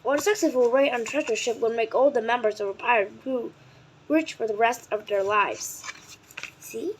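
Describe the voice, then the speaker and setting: A woman whose first language is Vietnamese reads a children's nonfiction book aloud in English, carefully and deliberately, sometimes stumbling and correcting herself. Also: fairly high pitch, noisy background.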